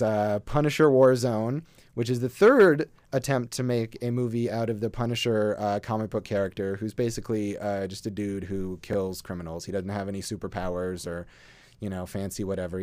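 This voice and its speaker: A man's voice: fairly low pitch, steady tone, moderate pace, darkish tone, dry recording. Male co-host reviewing movies, wry and rambling, dry close sound. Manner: wry, rambling, many fillers. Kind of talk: casual movie review chat.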